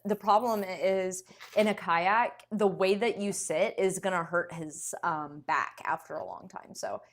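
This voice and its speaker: A woman's voice: on the low side, fairly even intonation, unhurried. A woman co-hosting a casual livestream, playful and teasing, laughing often. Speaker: livestream co-host.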